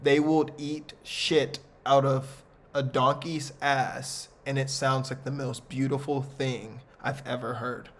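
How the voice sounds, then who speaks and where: A man's voice: mid-range voice, level tone, takes it slowly, a bit bright. A man hosting a podcast in casual chat, joking and teasing his guest. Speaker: podcast host.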